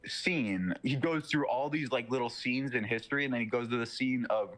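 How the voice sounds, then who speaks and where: A man's voice: medium pitch, normal speed, a bit bright. A young man in casual chat, retelling a film plot in a rambling way full of fillers and swearing.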